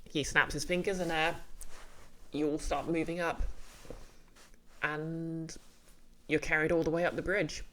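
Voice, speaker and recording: A game master talking through a tabletop session. The delivery is casual and a little halting, full of small fillers, at an ordinary middle pitch. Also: flat delivery, fairly bright tone, a little hiss or hum.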